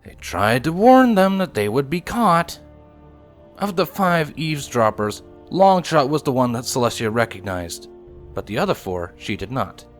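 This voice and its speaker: A man narrating a fan story aloud in a steady, expressive reading. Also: mid-range voice, moderate pace, faint music behind. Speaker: reader, narrator. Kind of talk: fanfiction audiobook reading.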